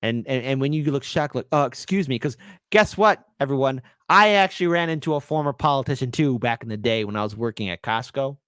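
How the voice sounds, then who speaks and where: A man hosting an online commentary show, reacting to news clips in an animated, mocking way with sudden shouted bursts. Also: medium pitch, brisk, smooth, dry recording. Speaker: host.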